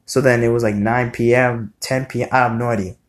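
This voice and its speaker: A man's voice: mid-range voice, steady tone, brisk. A young man telling a casual storytime to his viewers, rambling and swearing with lots of fillers. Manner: rambling, profane, many fillers. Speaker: vlogger.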